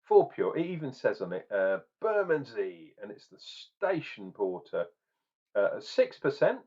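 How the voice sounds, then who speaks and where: A man's voice: medium pitch, wildly swooping pitch, unhurried, darkish tone, slightly rough, lo-fi sound. A chatty middle-aged man from England reviewing a beer, rambling and joking in a casual tasting vlog. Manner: chatty, jokey, rambling asides.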